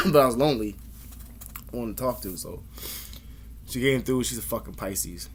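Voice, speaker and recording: This vlogger has a slightly rough, mid-range male voice. His monologue is rambling and profane, punctuated by frequent laughter and impressions of the people in his stories.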